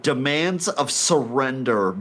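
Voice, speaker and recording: Mid-pitched man running a tabletop game. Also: expressive, slow, a bit bright. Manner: rambling, with many fillers. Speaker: game master.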